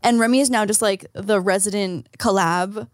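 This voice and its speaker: A woman's voice: medium pitch, moderate pace, no echo. Laid-back woman, close dry mic. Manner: relaxed, trailing, lots of fillers. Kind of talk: casual podcast chat.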